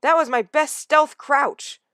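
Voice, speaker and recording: A woman's voice: lowish voice, expressive, normal speed, fairly bright tone, smooth, no echo, clean studio sound. A woman voicing a sturdy, good-natured young male cat who grumbles and takes offense. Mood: grumbling. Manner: indignant, grumbling.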